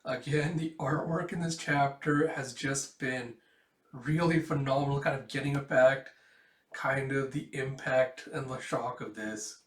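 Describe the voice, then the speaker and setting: A man's voice: mid-range voice, fairly even intonation, unhurried, a bit bright. Rambling man reacting to a comic. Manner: rambling, with restarts and "it's like". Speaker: manga reaction host. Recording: echoey room.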